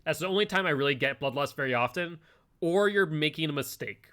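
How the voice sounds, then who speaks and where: A man's voice: a little high, expressive, a little fast, bright, forceful tone, clear, resonant tone. A man streaming a video game, chatting casually and musing aloud about the match and the game's balance. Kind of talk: gameplay commentary.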